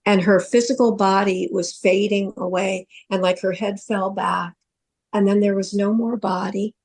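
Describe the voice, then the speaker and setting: A woman's voice: medium pitch, steady tone, normal speed, darkish tone, breathy edge. A middle-aged woman, a psychic medium co-hosting a podcast, earnestly recounting a vivid dream in casual storytelling.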